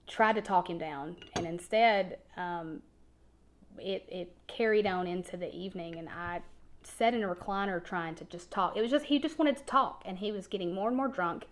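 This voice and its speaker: A woman's voice: fairly low pitch, normal speed, slight background noise. A woman recounts a hard personal story in plain, unscripted speech. She stumbles and repeats her words when the memory weighs on her, then pushes on.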